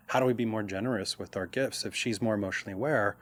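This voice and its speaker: A man's voice: lowish voice, fast talker. A man speaking as a podcast guest and coach, talking casually and acting out little quoted reactions. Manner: animated, acts out quoted reactions. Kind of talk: casual conversational interview.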